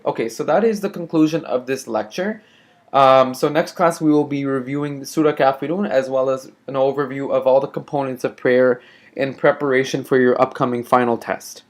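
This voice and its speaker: A man teaching a classroom lesson, patient and careful, repeating words slowly and checking in often with short questions. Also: medium pitch.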